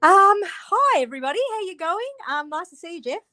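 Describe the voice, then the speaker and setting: An Australian author, appearing as a guest over a video call, chats freely in a casual interview, laughing often and restarting words. Her voice is very high, sharp and a little fast, with lively intonation.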